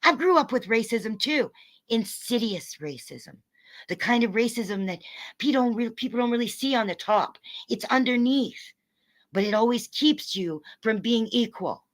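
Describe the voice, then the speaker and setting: A woman streamer in an angry, profane rant at her viewers, talking in fast bursts. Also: on the high side, animated. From North America. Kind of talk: angry rant to a live audience.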